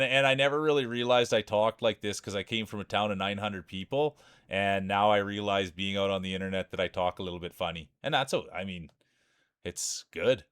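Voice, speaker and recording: Sitting low with a slightly bright, clear and resonant tone, this forties-aged Saskatchewan small-towner calls marble races live, his patter rambling and hyped like a sports announcer as he chats with the stream. There's no echo.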